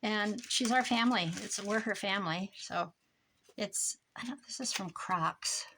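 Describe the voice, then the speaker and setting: An older woman from Iowa chats while she works through crafts at her desk. She rambles from one story to the next and laughs often. A faint hiss and the click of supplies sit under her mid-pitched voice. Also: a little slow, a bit bright. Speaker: crafter vlogger. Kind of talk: casual chat while crafting.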